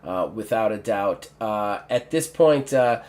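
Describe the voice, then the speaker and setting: A man's voice: fairly low pitch, expressive, unhurried, darkish tone. A man running a tabletop game as game master, narrating in a rambling way full of fillers and restarts. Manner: rambling, filler-heavy, self-correcting.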